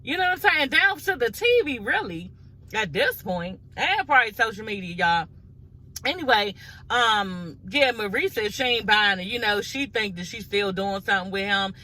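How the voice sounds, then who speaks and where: A woman's voice: medium pitch, animated, moderate pace, bright, forceful tone, rough recording. A woman recapping a reality show in a casual gossip vlog, blunt and profane, talking straight to her viewers.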